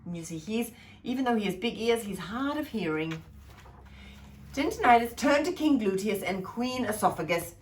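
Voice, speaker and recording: A woman at a childcare centre reading a funny picture book aloud to children, expressive and playful. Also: medium pitch, moderate pace, slight background noise. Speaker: childcare storyteller.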